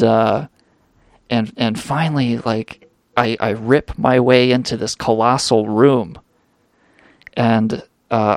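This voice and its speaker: In a studio-quality recording with no echo, a young man with a mid-range voice hosts a radio show. He tells a wild drug anecdote in a rambling, profane way, packed with fillers.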